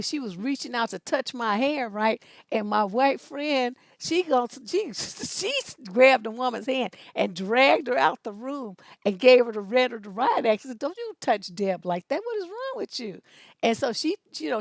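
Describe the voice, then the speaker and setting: Loud cussing woman in her fifties, high voice, gravelly, dry close sound. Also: expressive, moderate pace, no room sound. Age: 50s. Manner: loud, profane, fiery and emphatic. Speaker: advice show host. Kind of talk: blunt profane storytelling.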